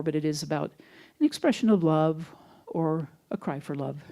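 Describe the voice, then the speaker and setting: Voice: medium pitch, creaky, dark tone. A minister giving a conversational sermon in a church sanctuary, telling folksy stories. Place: church sanctuary, also streamed online.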